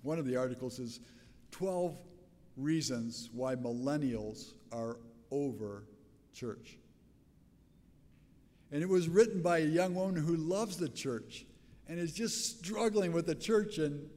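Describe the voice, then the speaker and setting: An older man, a pastor with a raspy voice, preaching a sermon in a conversational, storytelling way with frequent restarts. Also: fairly high pitch, darkish tone, in a large hall.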